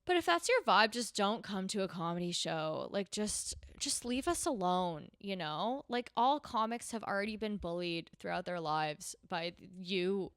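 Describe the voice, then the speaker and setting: A woman's voice: medium pitch, animated, unhurried, few pauses, fairly bright tone, no echo, clean studio sound. A young woman hosting a casual podcast, a stand-up comic who swears freely and acts out the people she quotes. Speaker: podcast host and stand-up comedian.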